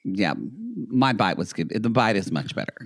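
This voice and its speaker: A man's voice: fairly low pitch, animated, normal speed, fairly bright tone, dry recording, studio quality. A man in his forties co-hosting a podcast in casual chat, easygoing and rambling with lots of fillers. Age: 40s. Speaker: podcast co-host.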